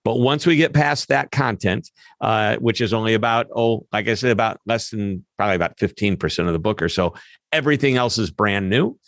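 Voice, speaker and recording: Lively man explaining expertly, dry sound. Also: lowish voice, dry recording. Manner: animated, lively explainer with quick asides. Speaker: customer service expert guest. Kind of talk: interview answers.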